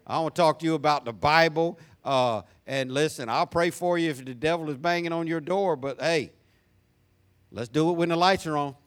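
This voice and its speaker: Male pastor, high-pitched preaching voice, emphatic and repetitive. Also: moderate pace. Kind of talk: sermon.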